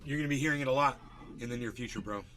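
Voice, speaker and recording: A man's voice: mid-range voice, racing, fairly bright tone, a little hiss or hum. A man hosting a casual livestream, chatty and a bit distracted as he greets viewers by name while fixing his settings. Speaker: livestream host.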